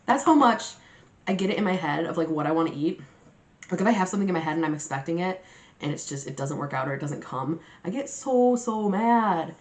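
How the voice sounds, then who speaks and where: A young woman with a fairly low voice, telling a story to her viewers in a chatty, animated way and cursing freely. The room has a noticeable echo, like bare walls around her. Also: fast talker. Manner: chatty and animated, swears freely, laughs often. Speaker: mukbang vlogger. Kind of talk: casual storytime chat to camera. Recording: roomy echoey room.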